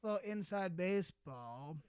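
A man's voice: high-pitched, expressive, a little slow, a crowd in the background. A man hosting a podcast in casual chat, joking around with playful slang. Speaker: podcast host.

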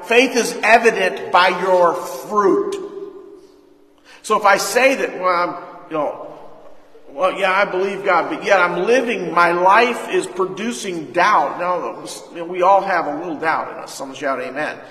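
A man's voice: high voice, unhurried, sharp tone. A man pastor preaching a sermon, putting questions to the congregation and answering them. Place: church hall. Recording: echoey hall.

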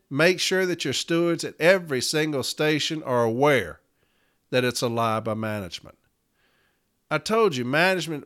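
A man's voice: a little high, fairly bright tone. A man hosting a union podcast, delivering a profane, fired-up rallying rant.

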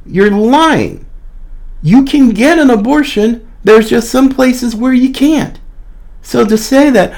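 Combative man with a lively, swinging pitch. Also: slow pace. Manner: combative, mocking, blunt. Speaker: podcast host. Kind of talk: opinion commentary monologue.

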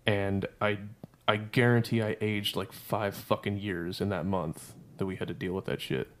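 A man's voice: on the low side, fairly even intonation, normal speed, a bit bright, slight background noise. A man telling a heated army story on a podcast, swearing constantly and ranting. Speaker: podcast guest. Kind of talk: casual storytelling.

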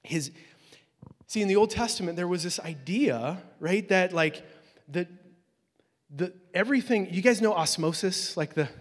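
A pastor preaching a sermon in a casual, conversational way, swinging between loud, high exclamations and soft, low asides. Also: male voice, lively intonation, moderate pace. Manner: casual, conversational preaching with many fillers and restarts. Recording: long hall reverb.

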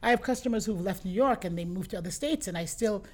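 Lively middle-aged woman telling stories. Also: medium pitch, fast. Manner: lively anecdotes, acts out customers' lines. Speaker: boutique owner, interview guest. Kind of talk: casual interview storytelling.

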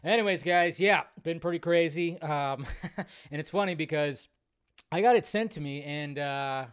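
A man's voice: a little high, measured pace, clear, resonant tone. A man hosting a live film news stream, chatting loosely with viewers and rambling between greetings.

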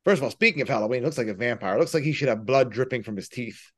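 A man co-hosting a podcast, chatting casually and firing off animated rhetorical questions. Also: medium pitch, fast talker. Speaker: podcast co-host. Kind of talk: casual political chat.

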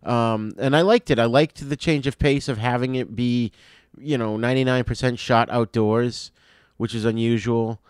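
Steady man reading a film synopsis. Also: mid-range voice, moderate pace, clean tone, dry recording, clean studio sound. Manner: reads synopsis steadily, then chats and laughs easily. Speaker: podcast co-host. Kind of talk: scripted plot summary and casual chat.

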